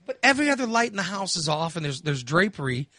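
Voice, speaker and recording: Animated high-voiced man telling stories. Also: quick pace, dry recording, studio quality. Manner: animated storytelling with laughs and voiced asides. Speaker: podcast host. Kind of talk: casual chat.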